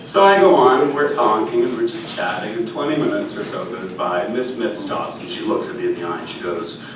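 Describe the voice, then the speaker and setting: A man telling a funny personal story on stage, in an animated, self-mocking way, with sung bits. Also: fairly low pitch, brisk, recorded from a distance, noisy background. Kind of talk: live stage storytelling with songs. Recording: echoey stage audio from afar with music.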